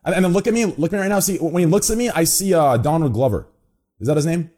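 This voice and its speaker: Man, podcast host, casual chat, excitable, swears a lot, quick talker, mellow tone. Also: fairly high pitch.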